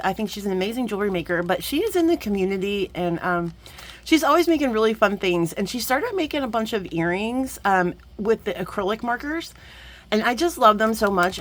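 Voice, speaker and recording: A woman, talking casually and gushing as she opens bead mail at her craft table for her viewers. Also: mid-range voice. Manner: gushing, effusive, chatty, many asides to viewers. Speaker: jewelry-making YouTuber opening bead mail. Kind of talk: casual chatty unboxing vlog.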